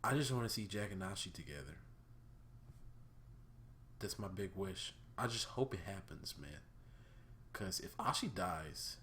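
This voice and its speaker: A young man hosting his own vlog, giving a casual, profane review of a cartoon episode, swinging between loud outbursts and subdued talk. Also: low-pitched, lively intonation, unhurried, pauses often, a little hiss or hum.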